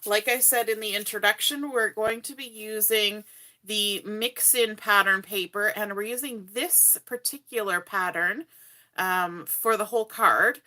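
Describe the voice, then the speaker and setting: Hiccuping as she goes, a woman from Canada runs a crafting livestream from home, teaching card-making live. Her voice is medium-pitched and sharp, unhurried, and she chats freely while welcoming viewers by name.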